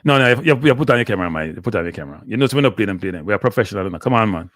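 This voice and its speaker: A man with a Jamaican accent hosting a casual live stream, teasing and animated, often repeating himself. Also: lowish voice, very fast, no echo, studio quality. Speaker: show host.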